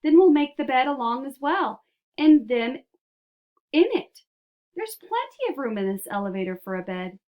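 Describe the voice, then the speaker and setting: Woman voicing an eccentric, excitable candy-making man, insistent and grand, storybook reading. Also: mid-range voice, fast talker, few pauses, lo-fi sound. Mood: excited. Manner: eager, insistent, grandly persuasive.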